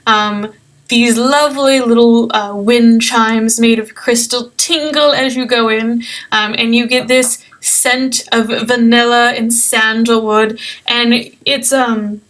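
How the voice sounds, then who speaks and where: Young woman running a tabletop game; high voice, slow, chatty and giggly. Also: a bit bright. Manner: chatty, giggly, many ums. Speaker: game master.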